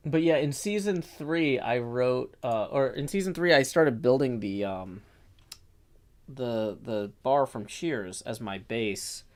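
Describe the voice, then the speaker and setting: A man's voice: medium pitch, takes it slowly, darkish tone. A middle-aged man chatting casually on a stream, rambling with frequent restarts and fillers. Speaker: streamer and host. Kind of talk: casual chat.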